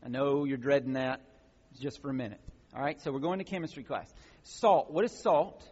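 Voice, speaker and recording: A man's voice: mid-range voice, quick pace, darkish tone, breathy edge. A man preaching a sermon as pastor, explaining a passage in a teaching way and building to emphatic exhortations. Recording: muffled sound with long hall reverb.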